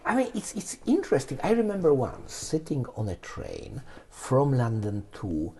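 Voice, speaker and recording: A man's voice: medium pitch, normal speed, husky. A man, a neuroscientist guest, explaining ideas conversationally and telling anecdotes with many restarts and asides. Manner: animated, tells anecdotes with frequent restarts.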